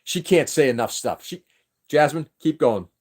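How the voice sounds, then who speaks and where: A New England man hosts a casual livestream, ranting about politics with strong opinions, emphasis and frequent sentence restarts. His voice is fairly high, expressive and darkish, at a moderate pace.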